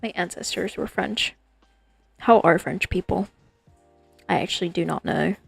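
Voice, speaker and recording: A woman's voice: lowish voice, unhurried, vocal fry, husky, dry recording, faint music behind. A woman streaming as a digital artist, chatting casually and playfully with her viewers in a rambling way. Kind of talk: casual livestream chat with viewers.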